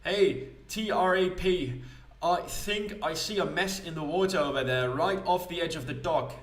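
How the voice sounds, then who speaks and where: A man doing a gossipy posh gentleman. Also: on the high side, normal speed, reverberant, recorded from a distance, pitched above the performer's own voice, lightly acted. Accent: British.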